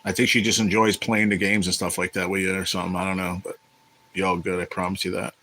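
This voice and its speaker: A man's voice: low-pitched, level tone, quick pace, pushed and bright, a little hiss or hum, rough recording. A man hosting a casual livestream, talking in a blunt, profane, irritated way. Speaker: livestream host.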